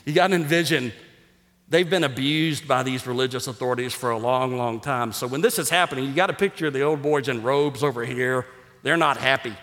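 A man preaching a sermon as pastor, energetic and jokey, sometimes rising almost to a shout for emphasis. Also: medium pitch, fairly quick. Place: church sanctuary. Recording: reverberant hall.

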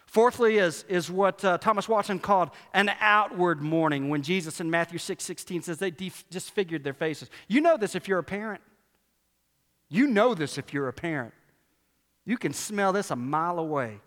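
A man preaching a sermon as a pastor, animated and emphatic, repeating lines and firing rhetorical questions. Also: high-pitched, moderate pace. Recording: long hall reverb.

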